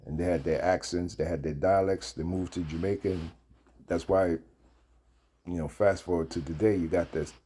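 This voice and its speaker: Channel host, man, deep and dark-toned, loose rambling commentary. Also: steady tone, normal speed, husky. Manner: rambling, heavy with fillers, reads text aloud. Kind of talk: casual commentary.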